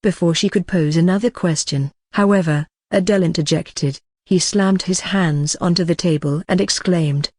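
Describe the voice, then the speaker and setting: A synthetic-sounding storyteller reads a fantasy novel in an even, unhurried way. The pitch sits in a middle range, and the recording is dry and close, with no room sound. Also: no echo. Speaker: audiobook narrator. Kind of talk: scripted narration of a web novel.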